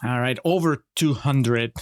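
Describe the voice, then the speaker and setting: A man's voice: mid-range voice, a little slow, no echo. A man with a mid-range voice co-hosting a casual film podcast. He talks in an easygoing, chuckling way and sets up the review quotes. The sound is close and dry, with no room. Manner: laughs often, easygoing, reads quotes aloud. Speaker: podcast co-host.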